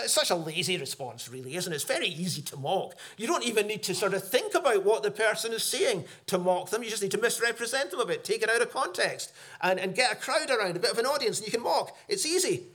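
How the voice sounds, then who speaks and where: A middle-aged man preaching a sermon, earnest, rising for emphasis and dropping low for solemn points. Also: fairly bright tone.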